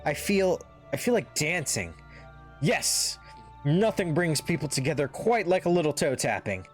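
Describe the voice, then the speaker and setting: A man's voice: a little high, lively intonation, unhurried. A man voicing a folksy, forgetful male forest villager from a fantasy game, in a wavering drawl he likens to a drunk Yoda. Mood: cheerful. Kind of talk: reading game dialogue aloud in character. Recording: faint music underneath.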